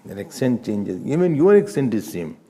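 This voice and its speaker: A man's voice: medium pitch, big pitch swings, normal speed, dark tone. A man giving a scripture class lecture as a Vedanta teacher, patiently repeating his points for emphasis.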